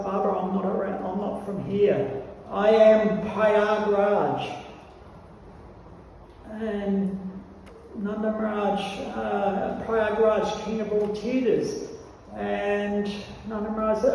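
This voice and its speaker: A man's voice: mellow, a little hiss or hum. An older man giving a scripture class, telling a story and lifting his voice to act out a pleading child. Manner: acts out child's pleading in a higher voice. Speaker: temple class speaker. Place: temple hall. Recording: echoey hall from far off.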